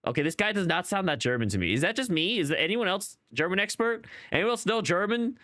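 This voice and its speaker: A man's voice: high-pitched, big pitch swings, quick pace, sharp tone, no echo. Rambling gaming streamer man, dry close mic. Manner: rambling, self-questioning, lots of restarts. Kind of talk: casual game commentary.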